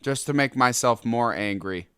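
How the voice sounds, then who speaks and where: A young adult man hosting a solo podcast, ranting in an angry, exasperated way with sudden loud outbursts. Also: medium pitch, normal speed, clear, resonant tone, dry recording, studio quality. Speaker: podcast host.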